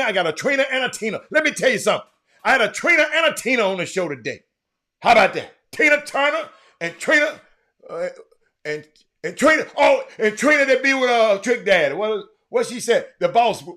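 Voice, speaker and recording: A high-pitched man hosts a loose, casual show. He calls out loudly to his audience one moment and mutters low the next, repeating himself as he goes. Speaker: show host. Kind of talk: casual live-stream chat.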